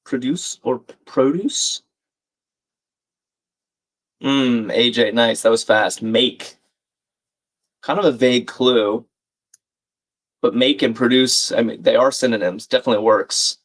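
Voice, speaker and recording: A man's voice: medium pitch, fairly even intonation, measured pace, pauses often, a bit bright. Casual man hosting a live crossword stream. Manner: reads out viewer comments, thinks aloud casually. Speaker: livestream crossword host. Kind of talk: live puzzle-solving chat.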